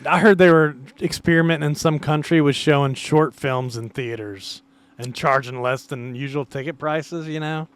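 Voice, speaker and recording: Dude cohosting, dry teasing jokes, kinda high clean voice. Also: male voice, normal speed, clear, resonant tone. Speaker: podcast co-host. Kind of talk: casual chat.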